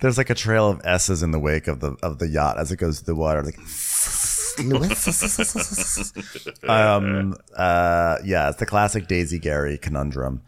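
A man's voice: deep voice, moderate pace, hardly any pauses. A man co-hosting a comedic recap, rambling with hesitations and jokes. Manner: rambling, hesitant with fillers, animated. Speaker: podcast co-host.

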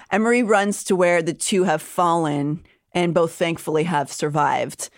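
A woman with a lowish voice recaps a novel for her podcast co-host, narrating the plot like a storyteller and pausing on dramatic gasps. The sound is dry and close, with no room around it. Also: no room sound. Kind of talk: casual book discussion and recap.

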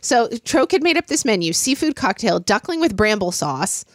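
A woman's voice: fairly high pitch, sing-song, normal speed, no echo, clean studio sound. An American woman co-hosting a casual chat show, telling a story with lots of laughter and reading passages aloud. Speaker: podcast co-host.

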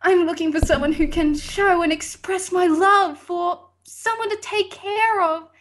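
A woman with a very high voice reads a personal ad aloud on a casual podcast. She trips over the text, stops to correct herself and laughs at her own mistakes. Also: fairly even intonation, measured pace, fairly bright tone, a little hiss or hum.

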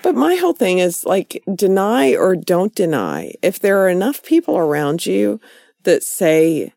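A woman talks in a casual chat, passionate and a little breathless with restarts. Her voice sits low but swings widely in pitch. The sound is dry and close. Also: huge pitch swings, measured pace, vocal fry, dark tone, no room sound. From Texas. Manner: passionate, rising pitch when worked up.

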